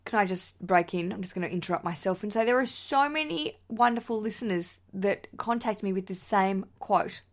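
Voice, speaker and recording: A woman's voice: medium pitch, moderate pace, few pauses. An Australian woman, likely in her thirties, hosting a wedding podcast in a bubbly, chatty way, laughing often and swearing casually as she reads listener messages.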